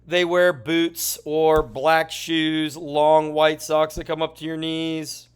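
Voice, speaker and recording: A man's voice: on the high side, takes it slowly, clear, resonant tone. Chatty, tired male teacher. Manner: chatty, lively, jokey asides. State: tired, yawning. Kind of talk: classroom lesson walkthrough.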